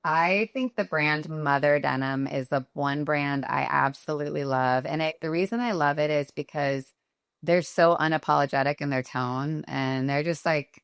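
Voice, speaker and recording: Low-voiced woman, candid and chatty. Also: fairly even intonation, moderate pace, smooth, no room sound, studio quality. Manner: candid, chatty, many fillers. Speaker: guest, company founder and CEO. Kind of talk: casual interview answers.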